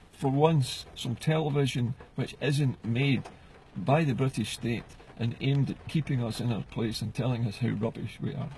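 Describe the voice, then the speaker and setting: Middle-aged Scottish man, fiery vlog rant, gravelly edge, mid-range voice. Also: mid-range voice, a little mellow, slight background noise, rough recording. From Scotland. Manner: impassioned, rhetorical questions. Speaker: political vlogger. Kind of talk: ranting to camera. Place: inside a car.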